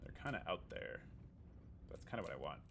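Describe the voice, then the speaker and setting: A man's voice: rumbling low, big pitch swings, fairly quick, vocal fry, noisy background. A man streaming a video game live from home, chatting casually and joking with viewers, tossing in goofy beep-boop noises. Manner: playful, jokey, makes beep-boop sound effects.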